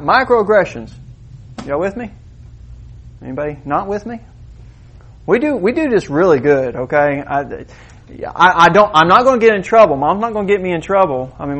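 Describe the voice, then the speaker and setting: A middle-aged pastor preaches a lively sermon in a voice a little higher than most men's. His animated style is conversational, firing direct questions at the congregation and checking that they follow along.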